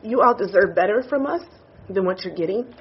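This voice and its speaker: A woman's voice: medium pitch, animated, fairly quick, lo-fi sound, a little hiss or hum. A woman on a university board, crying as she gives an emotional, apologetic statement at a public meeting. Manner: emotional, apologetic, tearful confession. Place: meeting room.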